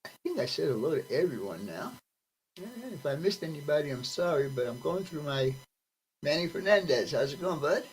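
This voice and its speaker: A man's voice: fairly high pitch, very animated, fairly quick, a little hiss or hum, low-quality recording. A man hosting a live stream, greeting his viewers one by one by name in a friendly, casual way. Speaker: livestream host greeting chat. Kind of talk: casual livestream chat.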